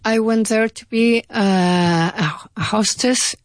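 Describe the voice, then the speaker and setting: A woman's voice: on the high side, slow pace, no echo, clean studio sound. Hesitant woman learner. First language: Spanish. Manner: hesitant, translating aloud. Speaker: student.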